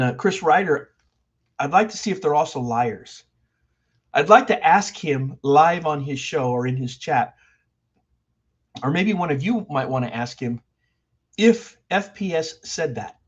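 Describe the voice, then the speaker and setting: An older man hosts a livestream, his husky voice pitched on the high side as he rants heatedly and repeats himself for emphasis. The stream audio is dull and lo-fi.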